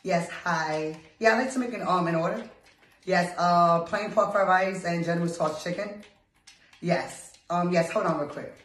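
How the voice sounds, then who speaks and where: A woman's voice: fairly low pitch, distant mic. Brash, cursing woman in an echoey room. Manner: loud, confrontational, cursing, quick to laugh. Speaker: girlfriend in prank skits. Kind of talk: comedic couple prank skit. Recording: echoey room with background noise.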